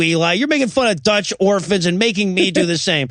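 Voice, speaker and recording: A man's voice: high voice, animated, brisk, fairly bright tone, no echo. A man co-hosting a comedy podcast, recapping movie scenes with mock quotes and frequent laughter. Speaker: podcast co-host. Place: podcast recording.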